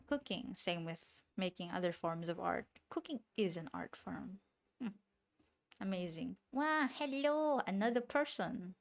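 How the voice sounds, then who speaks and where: Woman streamer with an accent, gravelly voice, rambles and mutters to herself while drawing. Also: medium pitch. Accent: non-standard English accent. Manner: rambling, self-talking, giggly asides. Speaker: VTuber streamer. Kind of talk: casual chat while drawing.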